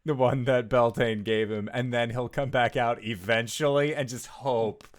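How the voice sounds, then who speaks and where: A man's voice: mid-range voice, steady tone, normal speed. Casual male tabletop player. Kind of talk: describing his character's actions.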